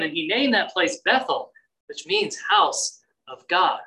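A preacher teaching from scripture with a bright, forceful tone. The delivery is emphatic and insistent, hammering home key lines through repetition. Pitch sits in an ordinary middle range. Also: very animated, slow, rough recording. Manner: emphatic, repeats key phrases for stress. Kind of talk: sermon, Bible teaching.

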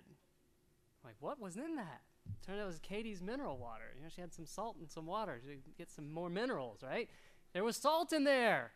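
A middle-aged man preaching a sermon, animated and storytelling, acting out little voices as he goes. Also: sits high, brisk. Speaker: pastor.

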